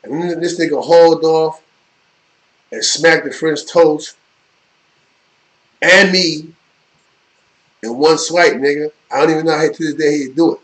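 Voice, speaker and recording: A man's voice: a little high, steady tone, unhurried, pauses often, low-quality recording. A middle-aged man, hosting a live stream and telling rambling, profane street stories in casual chat. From New York. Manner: rambling, profane street storytelling with repeated "you know what I mean". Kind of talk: casual storytelling.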